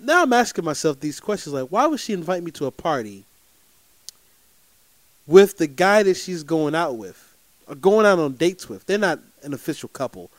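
A man telling a personal story to his viewers in an animated, emphatic way, often checking in with "okay?". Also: a little high, dry recording.

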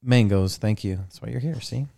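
A young man's gravelly, lowish voice moves at normal speed as he hosts a casual podcast on a studio mic. He tells stories animatedly, acting out the lines of the people in them.

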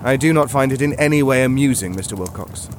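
An actor playing a Victorian detective sergeant who questions a suspect in a measured, pointed way in a radio drama. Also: male voice, medium pitch, animated, slight background noise, close to an everyday voice. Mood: probing. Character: probing Victorian police detective, cool.

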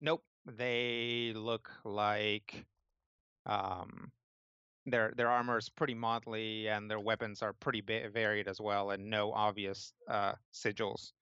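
A man running a tabletop game, narrating scenes casually with lots of fillers. His voice is bright and crisp, and the dry recording sounds slightly muffled. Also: lowish voice, flat delivery, slow, no echo. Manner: rambling, full of fillers. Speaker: game master.

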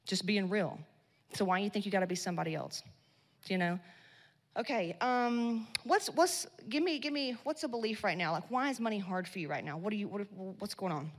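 Speaking in a brisk, mid-range voice, a woman delivers a blunt, profane motivational talk to a live crowd at a women's business event. She's slangy, swears freely and gets loud in bursts, with long hall reverb around her.

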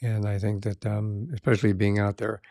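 Male host, low gravelly voice, dry close sound, measured and reflective. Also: little pitch movement, mellow, no room sound. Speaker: podcast host. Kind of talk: interview chat.

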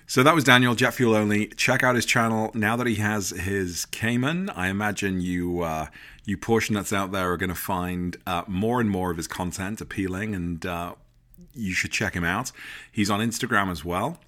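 A man's voice: lowish voice, moderate pace, pushed and bright. An English man in his thirties hosting a casual podcast, chatty and jokey as he wraps up the episode. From Britain. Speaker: podcast host.

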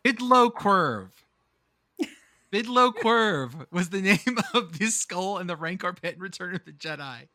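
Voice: medium pitch, lively intonation, unhurried, bright, forceful tone, dry recording, clean studio sound. A podcast host in casual banter, rambling and joking, swearing freely.

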